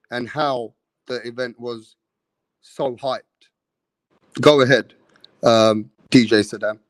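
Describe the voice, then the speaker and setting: A man hosting a live boxing talk stream, talking in a lively, emphatic way. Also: mid-range voice, no echo, low-quality recording. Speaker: boxing show host. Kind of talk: casual live-stream chat.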